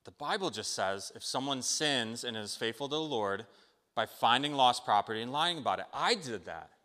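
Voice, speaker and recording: A man's voice: mid-range voice, animated, normal speed, pushed and bright. A man voicing a guilty ancient Israelite villager who hesitates and makes excuses for keeping found money. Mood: torn, rationalizing. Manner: hesitant, self-justifying. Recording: long hall reverb.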